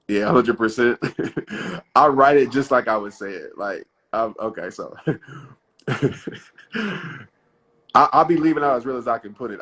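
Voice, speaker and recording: A man's voice: medium pitch, a bit bright, breathy edge. A man in his thirties hosting a casual live stream from his phone, chatting loosely, laughing often and reading out short motivational lines. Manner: laid-back, chatty, laughs often, reads his own quotes aloud. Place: outdoors in wind.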